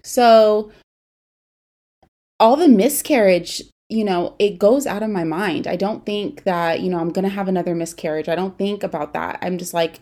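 A young woman in her twenties hosting a podcast, telling a personal story in a candid, conversational way that turns quiet and somber. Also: mid-range voice, normal speed. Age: 20s. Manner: candid, conversational, grows quiet and somber when recalling loss. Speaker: podcast host.

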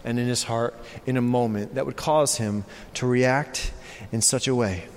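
A man preaching a sermon as pastor, swinging from hushed, low passages to loud, excited ones. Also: moderate pace, slight background noise. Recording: long reverb of a large hall.

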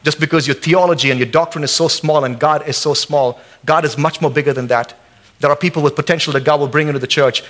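A pastor preaching a lively sermon in church, acting out quotes and jokes. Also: male voice, fairly high pitch. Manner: animated, acts out quotes and jokes.

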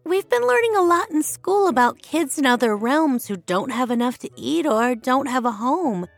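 A woman's voice: high-pitched, expressive, normal speed, vocal fry, soft background music, voice pushed up. A woman voicing an earnest eleven-year-old princess. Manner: earnest, sometimes shy.

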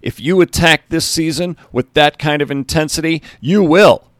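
A man voicing a passionate high school basketball coach giving an earnest, rousing pep talk to his team. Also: moderate pace, dry recording, studio quality, natural voice.

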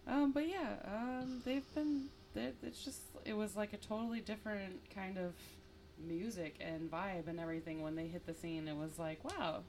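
A woman's voice: medium pitch, fairly even intonation, moderate pace, a little mellow, a little hiss or hum. Chatty upbeat woman podcast host. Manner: chatty, upbeat, lots of fillers. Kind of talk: casual music podcast chat.

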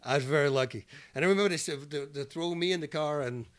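A man as a podcast guest, telling lively anecdotes and laughing through his own stories. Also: fairly high pitch, quick pace. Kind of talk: animated storytelling.

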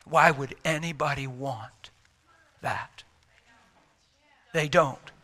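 A man's voice: mid-range voice, slow pace, bright, forceful tone. A man preaching a sermon, telling a story in a folksy, emphatic way and talking straight. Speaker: traveling preacher.

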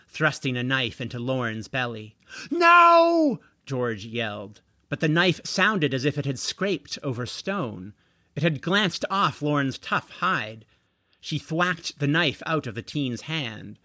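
Guy narrating a story, bright lively voice, super dry close mic. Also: a little high, no room sound. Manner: expressive, animated reading. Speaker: audiobook narrator.

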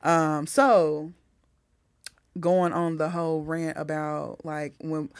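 A middle-aged woman comedian talking in a casual podcast chat, blunt and animated, swearing freely as she tells stories. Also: deep voice, slow, clean tone, no room sound, clean studio sound. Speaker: comedian guest.

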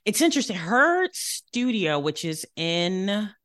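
A woman's voice: medium pitch, sing-song, takes it slowly, a bit bright, dry recording, clean studio sound. A middle-aged woman co-hosting a podcast, chatting casually and rambling with plenty of swearing. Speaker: podcast co-host. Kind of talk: casual chat.

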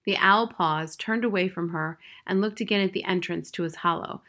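A woman narrating a children's novel in a steady, plain storytelling manner. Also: on the low side, moderate pace, hardly any pauses. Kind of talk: reading a children's novel aloud.

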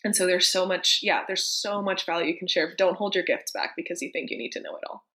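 Chatty, enthusiastic woman, slightly low voice. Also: fast, bright, forceful tone. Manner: enthusiastic, chatty, laughs often. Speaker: co-host of a group call. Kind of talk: casual call talk.

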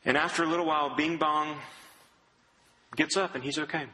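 Male preacher, earnest and conversational, often soft and low; fairly high voice, tense and bright. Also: fairly even intonation, a little fast, slight background noise, rough recording. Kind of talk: sermon.

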